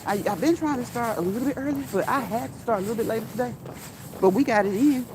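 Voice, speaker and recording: A middle-aged woman chatting as she walks outside, laughing easily and repeating herself for emphasis. Steady outdoor noise runs under her voice. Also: fairly high pitch, fast. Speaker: vlogger. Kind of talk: casual walk-and-talk vlog. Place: outdoors on a walk.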